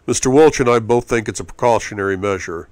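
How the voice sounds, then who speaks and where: A man reading the lines of a calm, formal male bodyguard in an amateur audiobook, polite and clipped. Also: mid-range voice, quick pace, no room sound, lightly acted. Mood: deferential.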